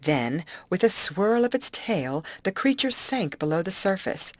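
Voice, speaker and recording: Woman narrating an old adventure audiobook, low voice, lots of expression, dry sound. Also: a little slow, no echo. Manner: expressive storytelling. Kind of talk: audiobook reading.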